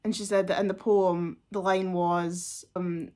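A woman's voice: on the low side, flat delivery, a little slow, warm tone. A woman, chatting casually and gushingly as a music reaction vlogger, with lots of fillers.

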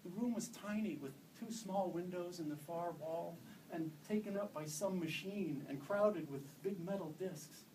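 Man, author, live reading of own fiction, measured narration, distant mic, faint noise. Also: high voice, darkish tone. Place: event room.

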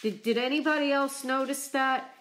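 A woman vlogger chatting on a live stream, emotional and choked up from crying, talking haltingly with many restarts. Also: sits high, a bit bright, a little hiss or hum. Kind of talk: casual live-stream chat.

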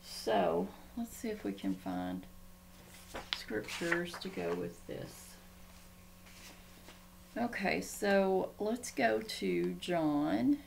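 A woman's voice: on the low side, big pitch swings, drawn-out words, gravelly, pauses often, background noise. A woman chatting casually in a home vlog, rambling and easily sidetracked as she talks. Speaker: Christian vlogger. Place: home room.

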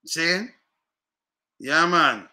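Fired-up Jamaican man, bright sharp voice. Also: fairly high pitch, animated, extremely slow. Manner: repetitive, fired-up, rhetorical questions. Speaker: commentator. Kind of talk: casual rant to viewers.

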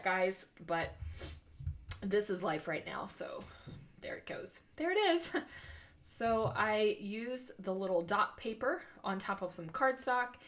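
A woman in her forties talks through a casual voice-over with a blocked nose, her breath audible as she speaks through her mouth. She rambles in a friendly way, full of ums and little asides, at a middling pitch. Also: fairly bright tone. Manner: chatty, rambling, with frequent ums and small laughs. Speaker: scrapbooking video host.

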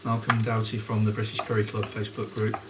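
A fast-talking man with a fairly low, monotone voice cooks live for his stream, casually greeting viewers by name. Heavy background noise comes from onions sizzling in a pan.

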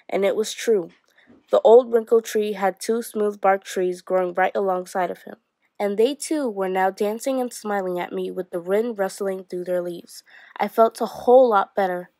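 Brief: woman, teacher, steady read-aloud of a novel, dry recording. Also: mid-range voice, moderate pace, no room sound.

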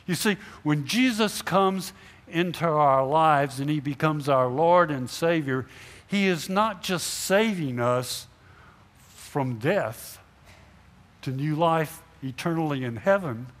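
A middle-aged man delivers a Sunday sermon from the front of a church sanctuary. His voice sits slightly high for a man and trails off into a long echo under the high ceiling. He keeps asking his listeners questions and acts out little imagined dialogues as he speaks. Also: takes it slowly, fairly bright tone. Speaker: pastor. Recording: long hall reverb in a church.

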